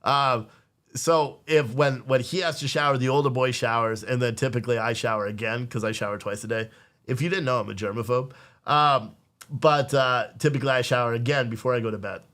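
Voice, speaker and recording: A man's voice: mid-range voice, fairly even intonation, fairly quick, fairly bright tone. A man in his thirties hosting a podcast, telling a rambling, profane family story and acting out the dialogue. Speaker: podcast host. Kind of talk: casual storytelling on a live stream.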